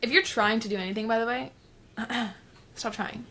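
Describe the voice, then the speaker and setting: A woman's voice: fairly high pitch, fairly even intonation, normal speed, sharp tone. A young woman hosting her own podcast, talking candidly and swearing often as she acts out her past self. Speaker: podcast host. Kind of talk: casual solo podcast monologue.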